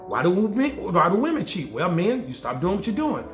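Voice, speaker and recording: Loud high-voiced man joking crudely. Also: wildly swooping pitch, fairly quick. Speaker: vlogger and DJ. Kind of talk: casual comedic monologue to camera. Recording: echoey room with faint music.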